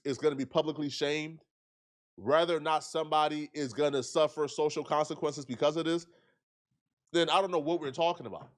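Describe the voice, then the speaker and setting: A man giving earnest, argumentative commentary, repeating himself to press his points. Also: fairly high pitch.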